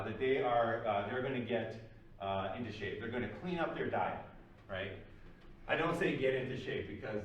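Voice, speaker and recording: A man's voice: lowish voice, dull audio, a little hiss or hum. Man lecturing in a very echoey room. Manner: loose, filler-heavy explaining. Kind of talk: recorded lecture. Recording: very echoey room, mic at a distance.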